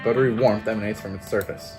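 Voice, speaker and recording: A man's voice: fairly low pitch, fairly even intonation, fast, music in the background. A man reading a narrative game aloud with casual, swearing commentary and laughing asides. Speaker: gameplay streamer.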